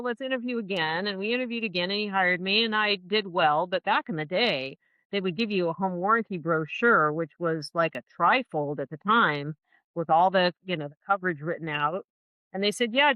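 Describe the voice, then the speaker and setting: A woman in her sixties, a home warranty rep, chatting warmly as a guest on a podcast and telling stories from her career. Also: lowish voice, dry recording. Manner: warm, chatty storyteller. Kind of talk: casual interview chat.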